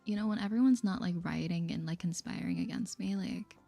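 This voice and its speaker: A woman host giving soft, chatty ASMR game commentary, mostly whispered and easily amazed. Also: lowish voice, fairly quick, creaky, faint music behind. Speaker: gaming channel host.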